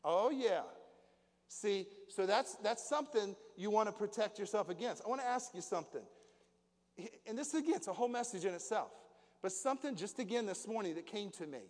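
Man preaching, folksy, high voice, long church reverb. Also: animated, fairly quick. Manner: folksy preaching, rhetorical questions to the congregation. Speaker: pastor. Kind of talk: sermon. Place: church hall.

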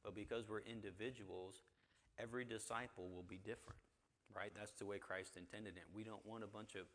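A man's voice: fairly low pitch, fairly even intonation, fairly quick, a bit bright, big-room sound. A man leading an interactive Bible class, talking conversationally and asking the group questions. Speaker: church teacher. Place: church hall with a group.

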